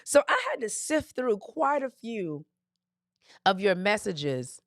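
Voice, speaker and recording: A woman's voice: medium pitch, very animated, takes it slowly, no room sound. Sassy woman host, dry close sound. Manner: sassy, direct, coaching with pet names. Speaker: podcast host. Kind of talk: live call-in advice podcast.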